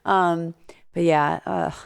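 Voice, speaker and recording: Chatty woman host with a gravelly edge. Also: lowish voice, steady tone, slow pace, no room sound, clean studio sound. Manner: chatty, laughs often, many fillers. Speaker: podcast host and comedian. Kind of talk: casual interview chat.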